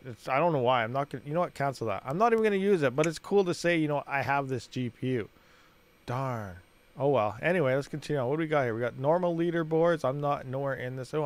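A man hosting a gaming channel, rambling and thinking aloud as he plays and talks to his viewers. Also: medium pitch. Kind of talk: casual gameplay commentary.

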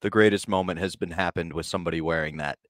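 A man co-hosting a casual comedic talk show, pitching dry joking bits. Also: fairly even intonation, quick pace, a bit bright, no room sound. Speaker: co-host.

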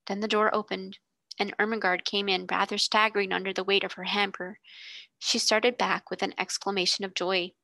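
A woman tutor reading a classic children's novel aloud with steady, expressive narration. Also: medium pitch, normal speed, creaky, no room sound. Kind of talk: storybook reading.

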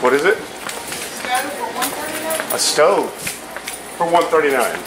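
A man's voice: on the high side, lively intonation, slow. Casual swearing vlogger guy, bouncy voice, lots of background noise around him. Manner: profane, joking, talks to viewers as "boys". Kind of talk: casual vlog chat. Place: parking lot and home improvement store. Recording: noisy outdoor and store audio.

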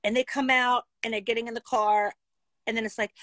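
A woman's voice: fairly high pitch, fairly even intonation, a little fast, fairly bright tone, no room sound. Blunt, profane woman vlogger. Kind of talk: casual storytime vlog.

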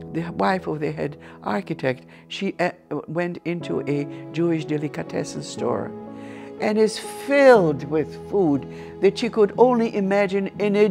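A woman's voice: medium pitch, gravelly. An older woman from Ukraine with a Ukrainian accent, telling her life story earnestly as an interview guest. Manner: earnest, animated storyteller with frequent restarts. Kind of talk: personal testimony storytelling.

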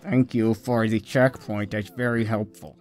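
A man's voice: fairly low pitch, fairly even intonation, measured pace, soft background music. Sarcastic man narrating his gameplay. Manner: sarcastic, profane banter. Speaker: let's play co-host, playing the game. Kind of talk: casual gameplay commentary.

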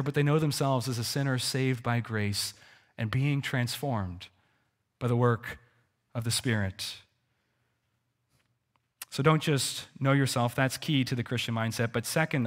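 Guy pastor giving a sermon, kinda high voice, swings loud then soft, repeats himself a lot. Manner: earnest preaching with wide swings in pitch and loudness; repeats words and restarts phrases.

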